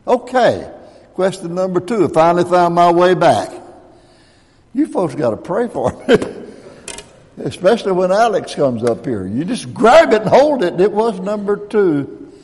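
An animated man in his eighties, with a high, darkish voice and a slightly slow delivery, preaches a sermon as pastor. He's folksy, tossing joking asides to the congregation between points amid laughter. The recording carries a long hall reverb.

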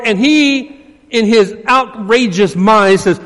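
High-voiced preacher in a big hall. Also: male voice, normal speed. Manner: emphatic preaching, dropping to hushed low asides. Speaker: pastor. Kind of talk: sermon. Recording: long reverb of a large hall.

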